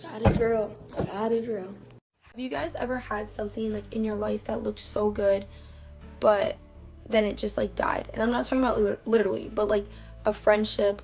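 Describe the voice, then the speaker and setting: A woman's voice: medium pitch, darkish tone. A young woman giving a rambling personal faith testimony straight to her viewers, saying "like" a lot and talking to them as "you guys". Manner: rambling, heavy use of "like", addresses viewers directly. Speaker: faith vlogger. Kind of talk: casual personal testimony to camera.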